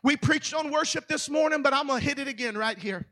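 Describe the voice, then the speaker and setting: A man with a Southern American accent preaching a revival sermon in a church, in a preachy cadence that builds to shouting. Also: extremely high pitch, quick pace, long reverb tail. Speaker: pastor. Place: church hall.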